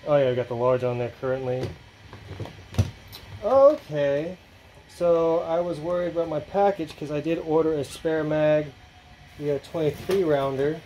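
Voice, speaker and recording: Male channel host, casual rambling vlog delivery, warm low-lit tone, light background noise. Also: poor audio. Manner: rambling, filler-heavy, offhand.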